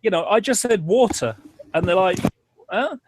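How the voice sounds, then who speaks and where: A man from England with an English accent, telling stories in a casual group chat with many pauses. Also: high-pitched. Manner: storytelling, hesitant with fillers.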